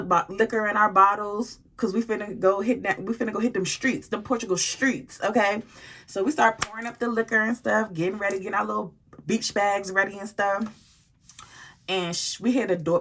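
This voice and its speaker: A woman telling a story to her viewers in a casual, animated way, full of slang and swearing. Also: medium pitch.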